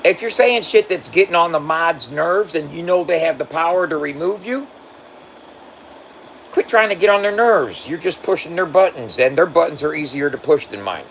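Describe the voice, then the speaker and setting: A man's voice: fairly high pitch, lively intonation, moderate pace, fairly bright tone, a little hiss or hum. A man livestreaming and talking loosely to his chat, swearing freely and laughing often. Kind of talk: casual livestream banter.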